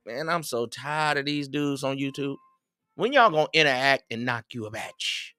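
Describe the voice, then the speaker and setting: A man's voice: medium pitch, animated, normal speed, sharp tone, no room sound, studio quality. A man hosting a livestream, rambling casually and chatting with his viewers in a streetwise manner. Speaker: livestream host.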